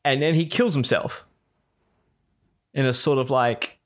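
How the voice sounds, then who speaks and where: A man in casual chat, retelling a series with lively put-on quotes and frequent swearing. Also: medium pitch, a little slow. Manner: animated, acts out characters' lines, swears freely.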